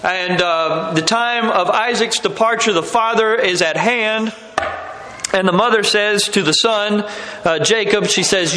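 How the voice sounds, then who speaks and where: A man's voice: high voice, measured pace, sharp tone. A man preaching a sermon, telling a story and acting out the characters' lines. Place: church hall. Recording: echoey hall.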